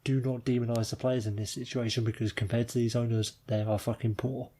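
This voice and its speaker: A British man co-hosting a podcast, swearing freely with a wry, drawn-out delivery. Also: medium pitch, little pitch movement, dark tone, a little hiss or hum. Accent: British English. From Britain. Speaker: podcast co-host. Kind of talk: casual chat.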